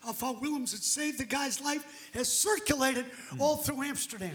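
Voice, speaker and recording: A man preaching a sermon through an interpreter. He tells the story emphatically and builds to shouts. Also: very high voice, normal speed.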